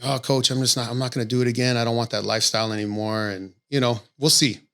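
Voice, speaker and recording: A man's voice: medium pitch, steady tone, fast talker, a bit bright. A man who coaches boxing, telling stories candidly in a casual podcast conversation and swearing often. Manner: candid storytelling with frequent swearing.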